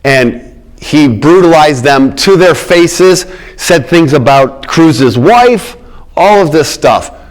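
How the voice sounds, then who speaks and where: A man's voice: a little high, lively intonation, slow pace. A middle-aged man giving a public lecture on politics, emphatic, repeating his key words and checking in with the audience.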